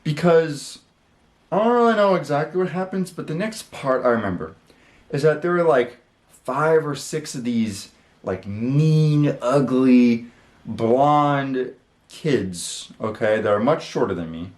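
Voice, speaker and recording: Guy rambling through a story, lots of likes and okays, mid-pitched, echoey room. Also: animated, a little slow. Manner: rambling, with many fillers and casual swearing. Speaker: channel host. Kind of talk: casual storytelling. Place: his room.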